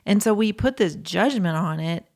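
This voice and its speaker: Female podcast co-host, lower voice, thoughtful, voices other people's remarks. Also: animated, normal speed, gravelly, darkish tone. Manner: reflective, quotes what people say. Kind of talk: casual podcast discussion.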